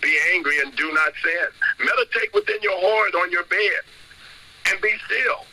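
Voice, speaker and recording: A man's voice: high voice, normal speed, pushed and bright, rough recording. A man preaching on a call, reading verses and repeating blunt commands in an emphatic, scolding way. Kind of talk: sermon-style scripture talk.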